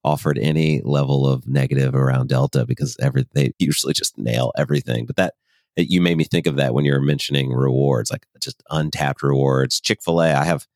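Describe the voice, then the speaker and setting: A man's voice: extremely low pitch, fairly even intonation, brisk, vocal fry, darkish tone, dry recording, clean studio sound. A man co-hosting a podcast in casual chat, rambling and agreeable, often correcting himself mid-phrase. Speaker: podcast co-host.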